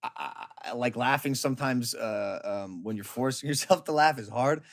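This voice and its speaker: A man co-hosting a podcast, talking casually in a laid-back, low-energy way. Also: moderate pace. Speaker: podcast co-host.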